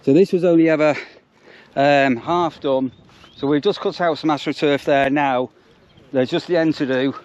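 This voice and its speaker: A man's voice: fairly high pitch, steady tone, normal speed, a little mellow, highs cut off, slight background noise. A man, a campsite warden chatting casually outdoors, rambling with lots of ums and restarts. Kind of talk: casual vlog narration.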